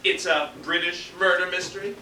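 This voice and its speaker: Guy doing a pompous vain director, very bright high voice, big echoey stage. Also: steady tone, moderate pace. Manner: theatrical, pompous and shouty. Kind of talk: amateur stage comedy acting. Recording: echoey stage from a distant mic, faint hiss.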